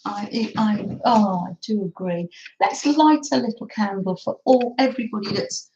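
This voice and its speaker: A woman's voice: mid-range voice, moderate pace, dark tone, echoey room, highs cut off. A woman hosting a craft livestream, chatting casually and giggling as she reads out viewer comments on her phone. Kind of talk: casual live chat with viewers.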